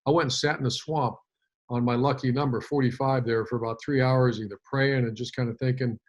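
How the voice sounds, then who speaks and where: A man's voice: medium pitch, fairly even intonation, brisk. A man in his fifties, a former head coach, telling a long story in an interview with many fillers and restarts.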